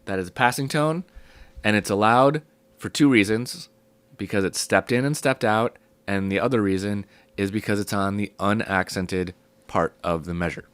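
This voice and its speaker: A young man with a sick, hoarse voice, casually teaching a music theory lesson step by step. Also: lowish voice, normal speed, no echo. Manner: relaxed, explaining step by step with fillers.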